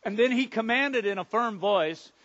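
Guy doing a samaritan leper telling his story, real high voice, stammery, goes quiet then loud, kinda muffled audio. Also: moderate pace. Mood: excited. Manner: dramatic, stammering restarts, swings between hushed and loud. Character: grieving then grateful Samaritan leper man, earnest. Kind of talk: first-person biblical dramatic monologue.

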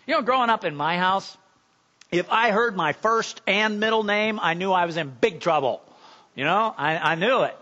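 A male pastor with a high, bright, forceful voice delivers a sermon in a conversational way. He keeps asking the listeners questions and often repeats words as he builds his point. The recording is dull and lo-fi. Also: normal speed.

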